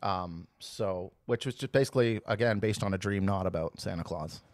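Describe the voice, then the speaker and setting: A man's voice: deep voice, moderate pace, dry recording. A man, a guest band vocalist, chatting casually about writing lyrics, rambling with frequent laughs and restarts. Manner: rambling, laughs often, restarts mid-sentence. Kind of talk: casual podcast chat.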